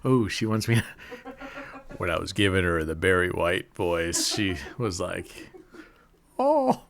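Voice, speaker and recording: Slow-talking joking man calling roulette. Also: deep voice, fairly even intonation, vocal fry, fairly bright tone. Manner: joking, chatty, laughs often; cheers and groans at results. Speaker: casino vlogger. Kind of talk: casual live commentary.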